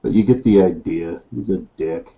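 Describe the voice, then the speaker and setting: Deep slow guy, sounds like he's on a phone line. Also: gravelly. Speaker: podcast guest. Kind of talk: casual comedic chat. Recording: tinny phone-like call audio.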